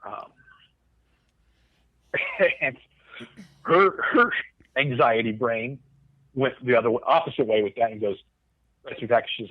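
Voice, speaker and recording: A Coast Guard veteran telling a rambling, profane story in casual conversation. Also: male voice, medium pitch, animated, measured pace, long pauses, a bit bright, no echo, low-quality recording. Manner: rambling, profane, restarts often.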